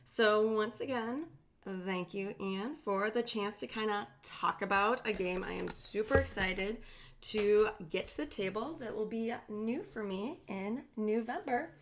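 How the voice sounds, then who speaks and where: A woman's voice: mid-range voice, unhurried. A woman guest sending in an enthusiastic, gushing message. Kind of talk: casual recorded message.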